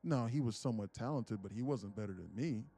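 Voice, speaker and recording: A man's voice: mid-range voice, breathy edge, faint music behind. Young man telling a profane story. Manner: profane, animated, fast. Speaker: day-trading livestream host. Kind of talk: casual storytelling.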